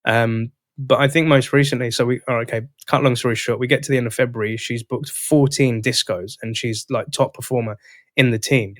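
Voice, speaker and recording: Male podcast host, mid-pitched, dry close sound, animated storyteller who acts out dialogue. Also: brisk, no room sound. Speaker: podcast host and sales coach. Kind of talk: casual storytelling conversation.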